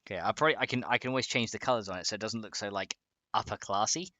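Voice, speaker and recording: A man's voice: lowish voice, rapid-fire, sharp tone, no room sound. A man casually chatting on a live stream while modding a game, rambling and laughing often as he reads chat.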